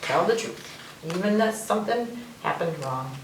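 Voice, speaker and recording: A woman hosting a library story time, reading a picture book aloud to children in an animated way and asking them questions. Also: mid-range voice, moderate pace. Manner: animated, questioning the young listeners. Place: library room. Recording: echoey room, distant mic, faint noise.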